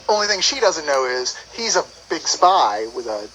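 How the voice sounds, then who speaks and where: A man's voice: a little high, big pitch swings, normal speed, crowd noise, rough recording. A man co-hosting a casual movie review podcast, rambling and laughing often as he retells the plot.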